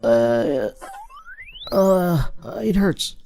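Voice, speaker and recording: A man's voice: animated, drawn-out words, warm tone, a little hiss or hum, full character voice. An actor playing a timid, scheming young rich man in a dubbed drama, whiny and clingy. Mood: pained. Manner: whiny and clingy, pitch jumping up in fright. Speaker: bedridden rich husband.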